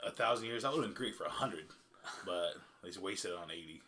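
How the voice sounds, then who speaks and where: Fast, animated podcast co-host. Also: male voice, low-pitched, background noise. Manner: animated, fast, laughing banter. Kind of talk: casual chat.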